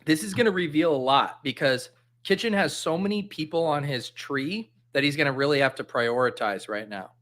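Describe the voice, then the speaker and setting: Excitable man hosting, laughing often. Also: on the high side, moderate pace. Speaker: host. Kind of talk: casual livestream chat.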